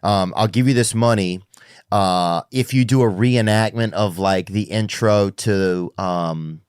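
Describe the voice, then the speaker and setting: Low-ish guy hosting a podcast, rambly and slangy, dry close mic. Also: unhurried, darkish tone, smooth, dry recording. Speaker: podcast host. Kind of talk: casual podcast chat.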